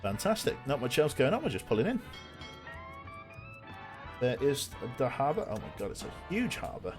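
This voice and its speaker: A man's voice: medium pitch, very animated, normal speed, music in the background. A man giving casual, jokey commentary while streaming a game, chatting with viewers and swearing now and then.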